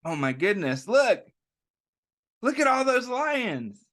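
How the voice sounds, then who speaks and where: A man reading aloud and voicing a group of curious children in a picture book, in a high, excited questioning voice. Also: a little slow, exaggerated voice.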